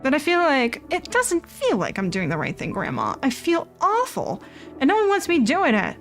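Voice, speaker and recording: A woman's voice: high voice, wildly swooping pitch, normal speed, exaggerated voice. A woman voicing an anxious, earnest young man who rambles as he pours out his worries. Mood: frustrated.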